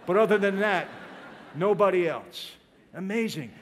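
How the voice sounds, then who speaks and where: A man's voice: high voice, lively intonation, unhurried, a little hiss or hum. A man giving an emotional religious testimony, speaking straight to his audience and calling them "people". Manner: emotional, direct, addresses listeners as "people".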